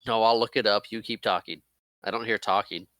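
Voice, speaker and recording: A man's voice: lowish voice, steady tone, brisk, a bit bright, dry recording, clean studio sound. A man co-hosting a casual movie podcast, playful and teasing, laughing often. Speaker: podcast co-host. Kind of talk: casual chat.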